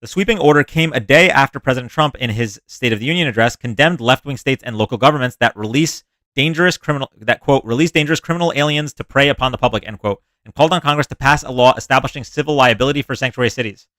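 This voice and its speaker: A sarcastic man reads political news on a live stream, breaking off to mock what he just read. His voice sits at an ordinary middle pitch and sounds dry and close, with no room echo. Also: fast talker, hardly any pauses, a bit bright. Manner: sarcastic, reads quotes then mocks them. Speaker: livestream host reading news. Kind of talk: casual commentary reading news aloud.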